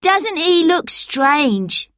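A woman's voice: very high voice, very animated, very slow, a bit bright, dry recording, studio quality, pitched above the performer's own voice, full character voice. A woman doing taunting ragged pickpocket boys. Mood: mocking. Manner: taunting, drawn out. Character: two ragged, mocking street-boy pickpockets.

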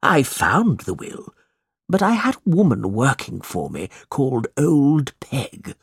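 A man voicing a scheming old moneylender in a storybook reading, with a slow, drawn-out, high-pitched whine. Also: huge pitch swings, creaky, slightly rough, no room sound, studio quality, full character voice. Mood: aggrieved.

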